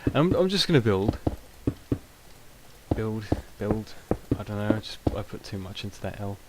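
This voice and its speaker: A man's voice: lowish voice, big pitch swings, moderate pace. A young British man giving rambling, self-mocking casual gameplay commentary, with many ums. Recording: noisy home recording.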